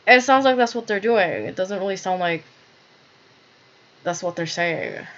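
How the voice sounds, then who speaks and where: A woman's voice: fairly low pitch, expressive, unhurried. A woman telling a rambling, agitated personal story to camera, full of fillers and swearing. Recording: dull lo-fi recording.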